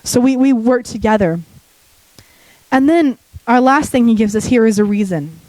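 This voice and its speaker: Woman preacher, sick, deepening voice, warm mellow tone, dry close sound, chatty sermon with joking asides. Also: moderate pace, no room sound, low-quality recording. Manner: conversational, joking asides to the congregation. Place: church.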